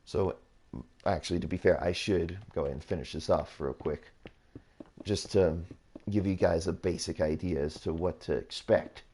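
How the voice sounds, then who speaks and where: A man's voice: low voice, fairly even intonation, normal speed, dark tone, a little hiss or hum. A man hosting his gaming channel, talking through a build tutorial in a rambling, repetitive way, often correcting himself. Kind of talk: casual build tutorial commentary.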